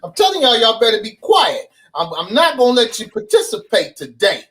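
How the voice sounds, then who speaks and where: A man's voice: very high voice, huge pitch swings, brisk, a bit bright, pitched above the performer's own voice, exaggerated voice. A man doing a stern scolding gym-teacher judge. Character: gruff male gym teacher, stern courtroom judge impression.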